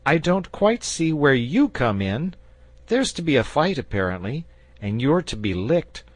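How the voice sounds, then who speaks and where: A man voicing an eager young boy who talks pushy and blunt, pitched well above his own voice. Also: sing-song, measured pace, no echo. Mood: insistent.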